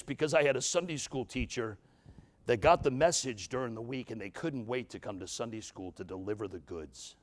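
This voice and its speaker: A man's voice: mid-range voice, a little fast. Older man, preacher, folksy sermon, joking asides, emphatic.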